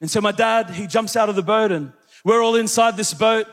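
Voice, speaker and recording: High-voiced preacher in a reverberant church. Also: male voice, a little fast, faint music behind. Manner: energetic storyteller, calls out to the congregation. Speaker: pastor. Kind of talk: sermon with storytelling.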